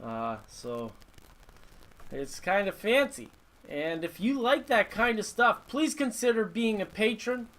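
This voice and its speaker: A man's voice: sits high, very animated, slow pace, a bit bright, low-quality recording. A man hosting a casual live stream from his hobby workshop, chatting in a rambling way and reading out viewer comments. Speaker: host of a live model-building stream.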